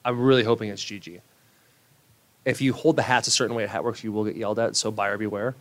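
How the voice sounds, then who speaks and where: A man's voice: fairly low pitch, flat delivery, fast talker, fairly bright tone. A young man chatting as a podcast guest, rambling through stories and laughing at himself. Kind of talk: casual podcast chat.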